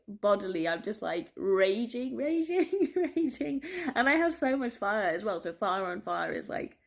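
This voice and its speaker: A woman vlogging a candid personal monologue, rambling, swearing freely and breaking off with laughs and quick apologies. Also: mid-range voice. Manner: restless, self-interrupting, apologetic asides.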